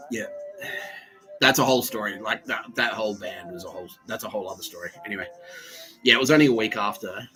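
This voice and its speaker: A man's voice: lowish voice, fast, pushed and bright, faint music behind, rough recording. A man hosting a podcast, telling a rambling, profane story with lots of laughter. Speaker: podcast host. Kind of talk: casual storytelling.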